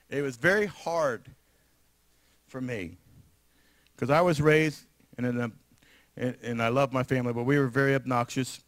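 A man with a New York area accent, preaching a sermon as pastor in an animated, emphatic way with frequent laughter. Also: mid-range voice, measured pace, long pauses, no room sound. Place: church sanctuary.

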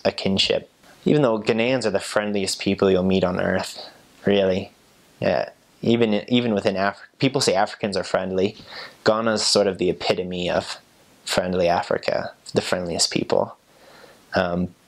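A young American man explaining things in a casual, halting way, often laughing at himself. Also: low voice, gravelly. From United States. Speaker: interviewee.

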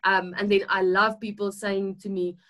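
A woman's voice: medium pitch, level tone, normal speed, fairly bright tone. South African woman, webinar presenter, chatty explainer, video call audio. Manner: chatty, with tag questions and fillers. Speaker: nutritionist co-hosting a webinar.

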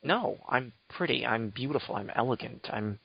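A man's voice: mid-range voice, expressive, normal speed, vocal fry, a crowd in the background. Teasing young man, dull lo-fi audio. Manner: teasing, mock-offended, rambling. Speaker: podcast host. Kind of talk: casual banter.

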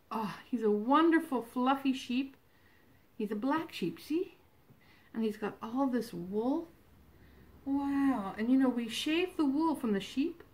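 A woman librarian leading a toddler storytime from home, reading in an animated sing-song voice with exclamations and animal sounds. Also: fairly high pitch. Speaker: children's librarian.

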